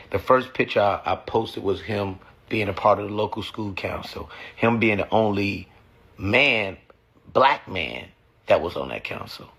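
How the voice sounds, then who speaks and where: Man, low gravelly husky voice, blunt cussing, emotional personal talk. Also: fairly bright tone. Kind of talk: casual reflective talk.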